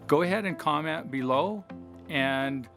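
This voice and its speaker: A man's voice: a little high, a little slow, a bit bright, faint music behind. A middle-aged man giving an earnest motivational talk, explaining with personal stories and questions to the viewer. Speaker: life coach.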